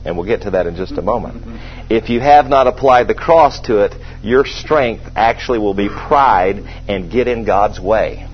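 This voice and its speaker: A man preaching a sermon in a conversational way, asking the congregation questions and slowing down to stress scripture. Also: on the low side, a little hiss or hum. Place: church service with a congregation. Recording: dull lo-fi sermon recording.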